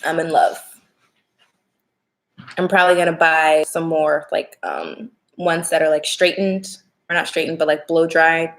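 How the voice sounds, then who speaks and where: A young woman hosting a casual live stream as a tarot reader, chatting, greeting viewers by name and laughing often. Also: fairly low pitch.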